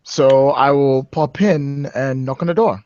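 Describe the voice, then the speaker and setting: A man's voice: mid-range voice, unhurried, slight background noise. A man playing a tabletop game, animatedly describing what his character does. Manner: animated, explaining his moves. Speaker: player. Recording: muffled lo-fi recording.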